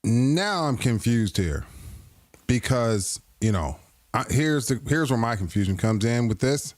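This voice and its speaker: A man hosts a live stream and riffs on video clips with crude, playful banter, often laughing at his own jokes. His pitch swings widely as he talks. He speaks slowly, and the sound is dry and close. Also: sing-song, no echo. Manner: playful, keeps breaking into laughter. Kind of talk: casual reaction commentary.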